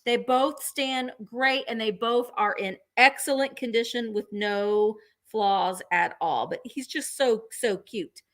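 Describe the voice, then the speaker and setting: A woman with a slightly high voice talks slowly, with few pauses, while running a live vintage sale. She's chatty and enthusiastic, gushing over each item she presents.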